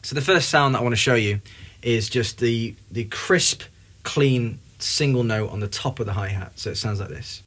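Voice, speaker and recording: A man's voice: medium pitch, moderate pace, a bit bright, soft background music. A young man giving a casual, upbeat drum lesson, talking between demonstrations at the kit. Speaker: drum teacher. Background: drum kit playing.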